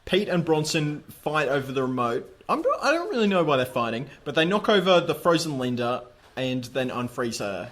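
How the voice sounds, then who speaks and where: Man, fairly high voice, casual podcast recap, dry understated storytelling. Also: sing-song, moderate pace, a bit bright. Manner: recounts plot step by step, dry understatement. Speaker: podcast co-host. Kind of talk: casual episode recap chat.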